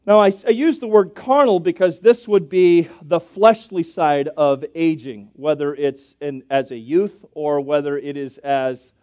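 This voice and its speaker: A middle-aged man with a notably high voice preaches from a church pulpit. He spins folksy, chatty stories to his congregation and slows right down when reading scripture aloud. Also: mellow, muffled recording. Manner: folksy, chatty storytelling with scripture read slowly. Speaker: pastor. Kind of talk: storytelling sermon. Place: church sanctuary.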